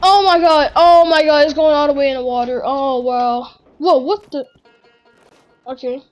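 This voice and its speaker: A woman giving excitable gaming commentary, full of gasps and exclamations. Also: high-pitched, moderate pace, faint music behind, rough recording. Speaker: gamer.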